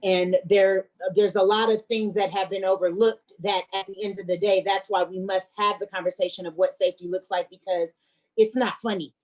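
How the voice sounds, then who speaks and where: A woman hosting an online event, earnest and warm as she thanks guests and introduces the next act, speaking over a video call. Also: mid-range voice, flat delivery, normal speed, rough recording. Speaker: event host.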